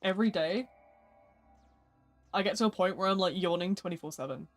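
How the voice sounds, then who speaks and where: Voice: medium pitch, brisk, soft background music. A gaming livestreamer in casual, rambling chat, sleepy and yawning, slangy and self-mocking.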